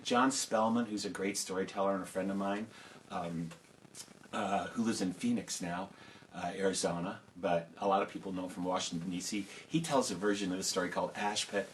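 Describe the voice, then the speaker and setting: A man telling a folk tale to children, lively and conversational with casual asides. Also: deep voice, brisk, a little hiss or hum, rough recording. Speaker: storyteller. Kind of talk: oral storytelling for children.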